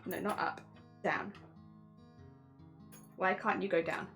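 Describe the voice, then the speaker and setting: A woman's voice: on the low side, steady tone, slow pace, gravelly, fairly bright tone. Chatty woman sewing with music behind. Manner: chatty, talks to her sewing machine. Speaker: streamer. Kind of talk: casual chat while sewing. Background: sewing machine noise and music.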